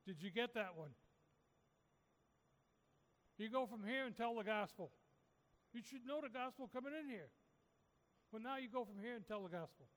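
A man's voice: high-pitched, expressive, moderate pace, pauses often, fairly bright tone, big-room sound. A man preaching a sermon, urging his listeners with repeated, rising calls. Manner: repetitive, rising exhortation.

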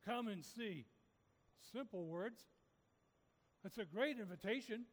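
A man's voice: sits high, expressive, slow pace, big-room sound. A man preaching a sermon, urging his listeners with repeated, rising calls. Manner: repetitive, rising exhortation.

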